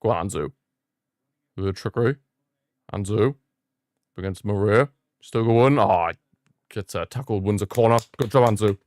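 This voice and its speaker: Excitable man ranting at the ref. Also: lowish voice, normal speed, pauses often, no echo, studio quality. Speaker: watchalong host. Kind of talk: live fan commentary.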